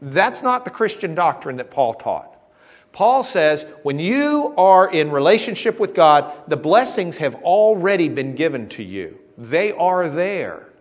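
A man's voice: on the high side, big pitch swings, unhurried. A man preaching a conversational teaching sermon, checking in with the congregation as he explains. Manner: conversational teaching, with frequent "okay?" checks and restarts. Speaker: pastor. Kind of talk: sermon, teaching Bible study.

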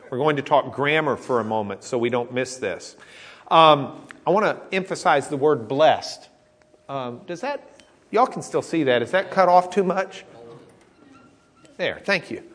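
With a medium-pitched, slightly bright voice, a male pastor teaches his congregation conversationally during a sermon-style Bible study. He keeps checking in with "okay?" as he explains and often restarts his sentences.

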